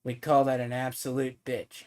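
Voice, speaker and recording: Man, game streamer, profane, mocking, heated rant, average pitch. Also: completely flat delivery, normal speed.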